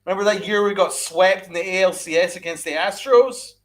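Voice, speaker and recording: A podcast host with a high, brisk voice rages about sports with a live chat going, cursing as he goes. He keeps circling back to the same arguments and challenges listeners with rhetorical questions.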